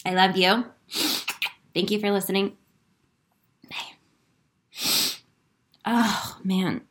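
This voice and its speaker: A woman's voice: medium pitch, fairly even intonation, slow. A woman giving an emotional, spiritual motivational talk to her viewers. She speaks with earnest conviction, swears freely and laughs through her emotion. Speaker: inspirational speaker.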